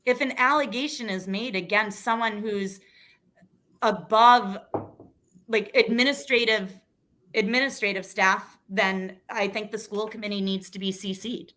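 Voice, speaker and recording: A woman's voice: medium pitch, steady tone, a little slow, sharp tone. Earnest woman telling an emotional story. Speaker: guest, school committee candidate. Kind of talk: casual interview.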